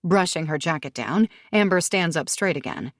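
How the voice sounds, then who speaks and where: A woman narrating a thriller audiobook in a steady, measured way, recorded close to the mic. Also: on the low side, dry recording.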